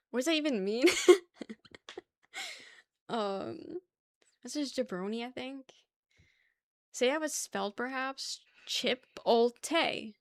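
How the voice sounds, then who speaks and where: A young woman with a highish voice hosts a laid-back livestream, chatting loosely with her viewers while swearing and laughing a lot. The recording has no echo.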